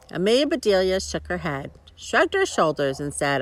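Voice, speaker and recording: A woman reading a children's story aloud, expressive, with chuckling asides to her listeners. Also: on the low side, moderate pace, hardly any pauses. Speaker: storybook reader.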